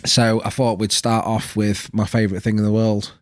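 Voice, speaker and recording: A man's voice: lowish voice, level tone, normal speed, no room sound. A man co-hosting a podcast, teasing and joking crudely in casual banter. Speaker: podcast co-host.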